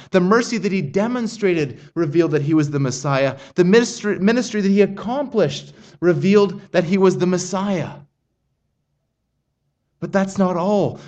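High-voiced man preaching a sermon. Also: a little mellow. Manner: earnest, emphatic, reads scripture aloud with slow weighted pauses.

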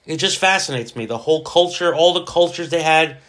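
A man's voice: fairly high pitch, fairly quick, fairly bright tone. A man hosting his own podcast in a casual, rambling monologue, often restarting his sentences. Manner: slips into jokey put-on voices. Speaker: podcast host.

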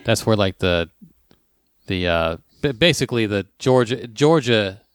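A man's voice: on the low side, lively intonation, measured pace, clean tone, no echo, clean studio sound. Joking man chatting on a podcast. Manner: joking, slips into Southern accents for bits. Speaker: podcast host. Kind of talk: casual comedic chat.

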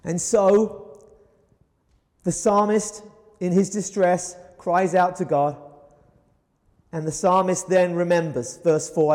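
A man with a high voice preaches a sermon earnestly. He acts out quoted pleas with a rising voice. Long reverb hangs behind him. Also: steady tone, slow, pauses often, a little mellow. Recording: hall reverb.

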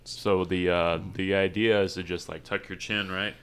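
A podcast host with a very deep, even voice asks curious questions. His tone is smooth and steady, with little rise and fall. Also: normal speed. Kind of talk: casual podcast interview.

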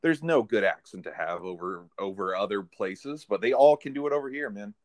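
A man co-hosting a podcast in crude casual banter, animated and joking, saying "dude" a lot. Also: on the low side, a little fast. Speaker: podcast co-host.

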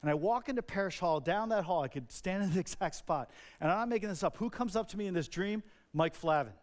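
A man's voice: high voice, animated, fast. A male pastor from New Jersey preaching a sermon, telling a personal story earnestly with filler words.

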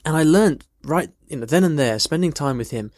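A man's voice: a little high, animated, brisk, a little mellow, dry recording, clean studio sound. A man from the United Kingdom, an English teacher casually explaining and answering a listener's question in a thoughtful, conversational way. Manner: thoughtful, conversational, tells personal stories.

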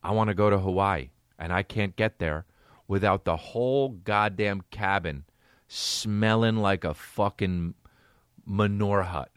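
A man voicing an entitled, self-centered air passenger who talks in a gruff, dismissive, profane way. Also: lowish voice, measured pace, dry recording, studio quality, pitched below the performer's own voice, natural voice.

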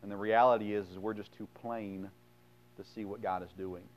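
A man preaching a sermon, reading scripture aloud and then retelling it bluntly in plain words, with sudden swings between loud emphasis and quiet asides. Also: fairly low pitch, fairly even intonation, fairly quick, rough recording. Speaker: pastor.

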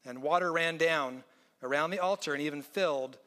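A man's voice: on the high side, brisk, pushed and bright. A man preaching a conversational sermon as pastor, mixing jokes with readings from scripture. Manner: conversational and joking, reads scripture aloud. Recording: long hall reverb.

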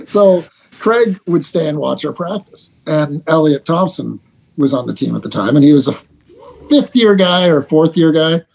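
A middle-aged man, a basketball head coach, telling animated stories with laughter and quick restarts in a casual interview. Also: on the high side, gravelly, husky. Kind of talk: storytelling guest in a casual interview.

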